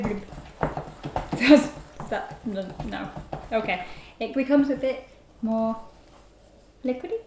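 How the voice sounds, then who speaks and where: A woman's voice: a little high, heavy background noise. A woman chatting through a casual baking tutorial, giggling as she works in a home kitchen. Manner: chatty, giggly, talks while working. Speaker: baking vlogger. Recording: echoey kitchen with clattering dishes.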